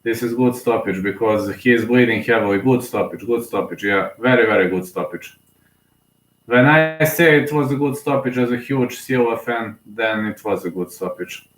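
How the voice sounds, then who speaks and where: Young man, excited fan commentary on a fight, repeats lines, roomy echoey sound. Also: medium pitch, normal speed, slight background noise. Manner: excitable, emotional, repeats himself. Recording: roomy echo.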